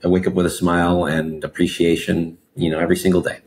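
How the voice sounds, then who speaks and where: A man in his forties, born in Mexico and raised in Los Angeles, telling his life story as an interview guest in an expressive, animated way, peppered with "you know". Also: low voice, fast talker, a little hiss or hum. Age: 40s. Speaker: guest entrepreneur.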